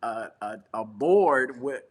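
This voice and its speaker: This mid-range voice is animated yet slow. Sitting on his couch at home, the man, a talk show co-host and traveling preacher, shares a travel story in slang and acts out each person involved.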